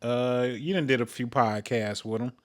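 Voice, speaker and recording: A man with a Detroit accent, co-hosting a podcast and telling stories in a relaxed, blunt way. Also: medium pitch, moderate pace. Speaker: podcast co-host. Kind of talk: casual chat.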